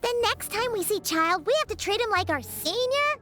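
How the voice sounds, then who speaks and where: A woman voicing a tiny, excitable female companion sprite in a video game, chatty and childlike. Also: extremely high pitch, moderate pace, heavily acted. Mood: chirpy. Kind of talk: game voice acting.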